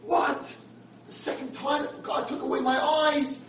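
A desperate blind old man, high-pitched and shouting in anguish, as a man telling the story puts him on. The voice sits far from the mic in a roomy space, with steady noise behind it. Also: a little slow. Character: frantic blind old man, grief-stricken.

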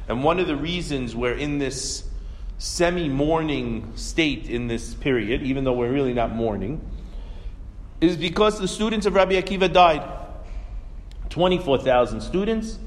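In an echoey hall, a man with a mid-range voice gives a Torah class at a moderate pace, telling stories animatedly and posing rhetorical questions.

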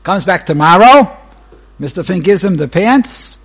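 A man, a rabbi, giving a Torah lecture that opens with a joke, speaking unhurriedly and pausing between short phrases. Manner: animated storyteller whose pitch leaps while telling a joke.

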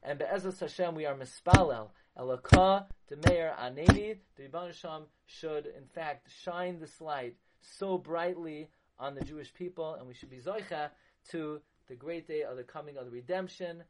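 Male rabbi, high tenor, fervent sermon delivery with swells of loud emphasis. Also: normal speed, a little hiss or hum. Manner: impassioned, rising to loud emphasis on key words; weaves Hebrew terms into English.

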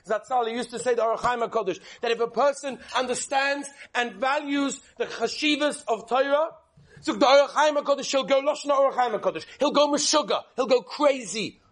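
A man with a strikingly high voice preaches with real animation, leaning into each story and pressing his points home with emphasis. He speaks as a rabbi addressing his listeners. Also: brisk. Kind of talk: sermon with storytelling.

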